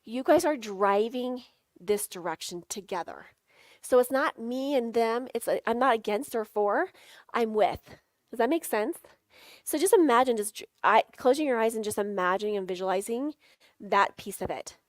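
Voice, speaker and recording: A middle-aged woman leads a live sales workshop, her voice sitting a touch high as she coaches the audience step by step. She keeps it playful, tossing in jokey asides and laughing often. The sound is close and dry. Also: animated, normal speed, dry recording. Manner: playful, coaching, guides audience through tapping exercises.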